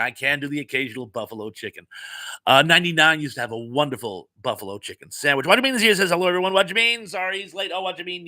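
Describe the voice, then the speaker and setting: A middle-aged man from the Northeastern US hosts a relaxed live chat. He reads viewer comments aloud and tosses in puns and chatty, self-deprecating asides. His voice is bright and crisp, recorded close and dry. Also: mid-range voice, dry recording.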